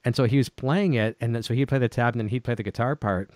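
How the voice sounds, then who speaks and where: A man hosts a casual talk show and speaks quickly, with a dry, close sound. He chats freely and often backs up his guest with quick affirmations. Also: mid-range voice, darkish tone, no room sound. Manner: quick, chatty, frequent affirmations. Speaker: show host. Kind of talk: casual interview chat.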